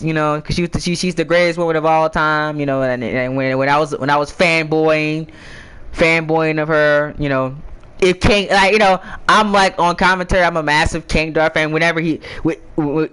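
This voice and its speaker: A man's voice: a little high, pushed and bright, clean tone, rough recording. A young man, a gaming YouTuber, giving casual advice to viewers in a playful, teasing way, rambling and restarting his words often.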